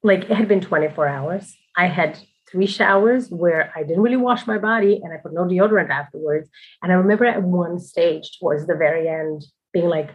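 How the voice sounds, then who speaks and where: A woman recounting a personal experience in a loose, candid way, laughing easily and wandering into asides. Her voice sits a little lower than most women's. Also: moderate pace, lo-fi sound. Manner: candid and chatty, laughing often, frequent asides and fillers. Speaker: mother telling her birth story. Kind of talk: casual personal storytelling.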